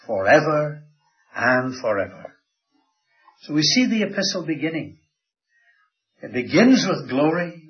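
A man delivers a sermon in a mid-pitched voice. He swings between loud, raised passages and quiet, dropped asides for emphasis. The recording sounds dull and lo-fi. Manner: dramatic rises and drops in pitch and volume. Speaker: preacher.

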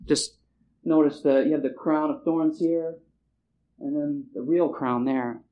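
Man, preacher, sermon, slightly higher voice, emphatic, repeats phrases, slows for emphasis. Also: fairly even intonation, lo-fi sound.

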